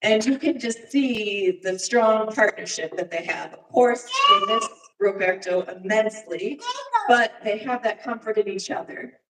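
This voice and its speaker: A woman presents slides at a church service, her mid-pitched voice heard from some distance. She speaks informally and haltingly, with frequent fillers, and the big room around her gives the sound a reverberant echo. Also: animated, a bit bright. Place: church sanctuary.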